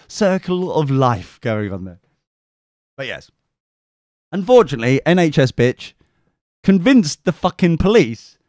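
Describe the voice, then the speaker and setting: A podcast co-host, a man with a fairly high voice, relates a rowdy story in easygoing chat. He gets animated and sweary, voicing quotes in a camp style. The audio is studio quality, free of room sound.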